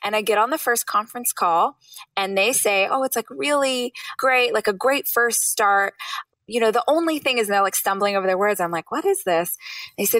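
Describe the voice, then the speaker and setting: A woman in her thirties, an author guest on an interview podcast, telling her story with lively acted-out quotes. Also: moderate pace, no room sound, far from the mic. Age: 30s. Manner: animated, acts out quotes with high bursts.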